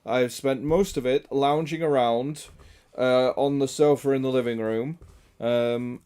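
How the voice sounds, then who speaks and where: A man with a hoarse, raspy throat from illness, chatting casually and greeting viewers on a game stream, joking and swearing. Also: mid-range voice, fairly even intonation, unhurried, mellow. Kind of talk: casual live-stream chat.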